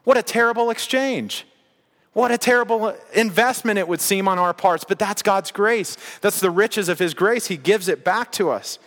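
A man with a fairly high voice preaches in a relaxed, conversational manner, building to emphatic, rising bursts. His voice rings with a long reverb, as in a large church hall. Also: moderate pace. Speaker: pastor. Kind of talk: sermon.

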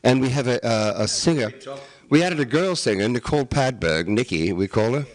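Jokey guest actor, man, lively swooping pitch, rambling comic delivery. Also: brisk. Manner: jokey, rambling, theatrical, breaks into rap. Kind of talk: playful comic interview banter.

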